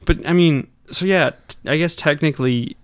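A man's voice: a little high, normal speed, clean tone, dry recording. A man with a Wisconsin accent chatting casually on a podcast. He rambles, and his speech is loose and a little slurred. The sound is dry and close.

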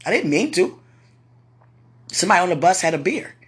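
A woman with a lowish, slightly rough voice speaks briskly in a sing-song way. She hosts a podcast where she casually recounts personal stories, laughing often and discussing her faith.

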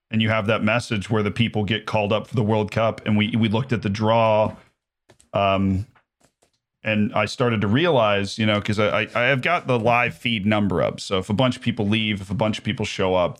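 A man chatting casually as an interview guest, speaking in a put-on English accent with frequent restarts and fillers. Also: on the low side. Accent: English-style commentator accent, put on by an American. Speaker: guest, streamer and sports commentator.

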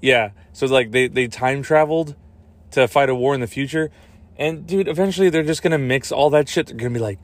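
A man's voice: mid-range voice, brisk. Young male solo podcast host: loose, profane, jokey, acts out lines in silly voices. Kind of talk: casual solo podcast rant.

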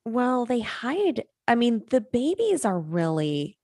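A woman's voice: a little high, big pitch swings, slow pace, a little mellow, no room sound, studio quality. A middle-aged woman, a nutrition coach, co-hosting a podcast and telling a story in a chatty way with many fillers. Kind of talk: casual chat.

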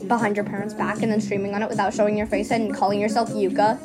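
A woman's voice: medium pitch, little pitch movement, fast talker, loud music behind the voice. A woman in her twenties hosting a casual podcast while gaming, teasing and giggly, now and then bursting into song. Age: 20s. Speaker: podcast host.

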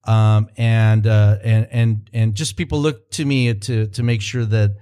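A man's voice: on the low side, fairly even intonation, measured pace, mellow, smooth. A man who works as a cultural consultant and consulting producer, talking in a casual podcast interview and telling long stories with frequent restarts and fillers. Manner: rambling storyteller with frequent restarts.

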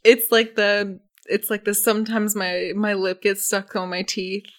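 A woman's voice: medium pitch, level tone, unhurried. Giggly young woman co-hosting a podcast. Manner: giggly, loose filler-heavy talk. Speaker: podcast co-host. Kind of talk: casual chat.

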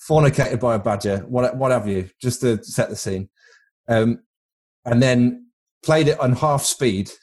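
A man's voice: medium pitch, slow, long pauses, darkish tone. A man from Britain co-hosting a podcast in casual chat, rambling into crude comic tangents. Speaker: podcast co-host.

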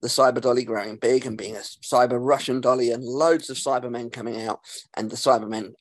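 A man, hosting a podcast and recapping an episode in a casual, sarcastic way, swearing freely and filling pauses with um. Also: mid-range voice, steady tone, no room sound. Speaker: podcast host.

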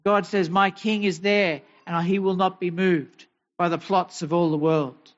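A man's voice: sits high, steady tone, a little slow, muffled recording. A man preaching a sermon as pastor, posing rhetorical questions and telling homely family stories. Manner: asks many rhetorical questions; tells homely family anecdotes.

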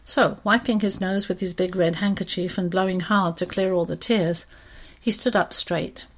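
A woman reading a children's story aloud in an expressive, steady storytelling manner. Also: on the low side, moderate pace.

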